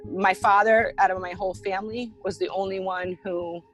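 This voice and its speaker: A woman's voice: medium pitch, steady tone, normal speed, low-quality recording. A woman being interviewed, recounting a personal ordeal in an earnest way, with frequent fillers. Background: music.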